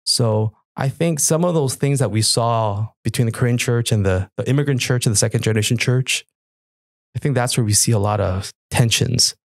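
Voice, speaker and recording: A man's voice: moderate pace, dry recording, clean studio sound. A middle-aged man, a guest on a podcast, telling stories and acting out old conversations. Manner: animated, acts out past dialogue with lively pitch jumps. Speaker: guest, worship musician. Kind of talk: casual storytelling interview.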